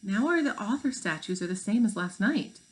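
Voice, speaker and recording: A woman voicing a brainy young girl who is an eager library know-it-all, speaking briskly and earnestly. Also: mid-range voice, lively intonation, pitched above the performer's own voice, close to an everyday voice, low-quality recording.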